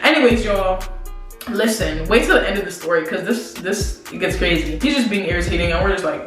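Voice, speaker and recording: A young woman telling a story to her viewers in a lively, slangy way, talking straight to them. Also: fairly low pitch, fairly quick. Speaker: vlogger. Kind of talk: casual storytelling to camera. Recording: very echoey room, distant mic, faint music.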